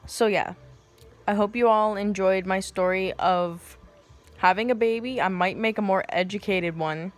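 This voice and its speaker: A young woman vlogging casually at home, telling a story with a sassy, profane, animated manner. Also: medium pitch, unhurried. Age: young adult.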